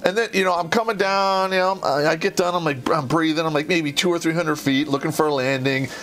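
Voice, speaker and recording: A man hosting a podcast, telling a profane, animated story about his Army days and laughing through it. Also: a little high, quick pace. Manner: animated storyteller, heavy swearing, laughs mid-sentence. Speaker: podcast host and Army veteran. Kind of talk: profane comedic war story.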